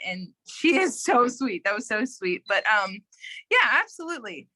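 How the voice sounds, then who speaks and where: A woman's voice: on the high side, sing-song, normal speed, background noise. A woman sharing a casual testimony over a video call, chatty and upbeat, full of "like" fillers.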